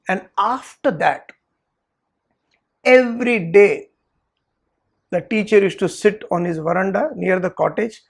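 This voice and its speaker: Man, spiritual lecture, emphatic, gravelly, high-pitched. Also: a little slow, pauses often. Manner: emphatic, repetitive, preaching. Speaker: Vedanta teacher. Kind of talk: spiritual talk with storytelling.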